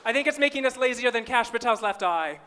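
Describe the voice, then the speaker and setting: A man's voice: extremely high pitch, lively intonation, fast talker, noisy background. A man from small-town Minnesota doing a live stand-up comedy set on stage, with wry, self-deprecating punchlines.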